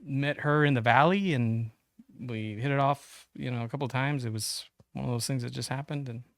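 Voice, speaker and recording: A man's voice: mid-range voice, moderate pace, gravelly, a bit bright, no echo. Man, 40s, casual storytelling, rambling, fillers, swearing, dry close sound. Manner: rambling, many fillers and restarts, swearing, acts out quoted voices. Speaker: podcast guest.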